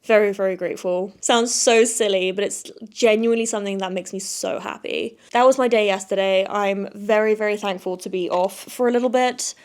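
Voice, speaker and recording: A woman's voice: mid-range voice, steady tone, brisk, few pauses, smooth. A young woman, hosting a casual solo podcast in a chatty, effusive way, repeating words for emphasis. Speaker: podcast host.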